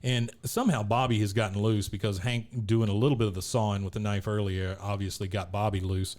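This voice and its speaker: A man's voice: lowish voice, flat delivery, a little fast, darkish tone. A man co-hosting a podcast, casually recapping an episode scene by scene and laughing at the characters. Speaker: podcast co-host.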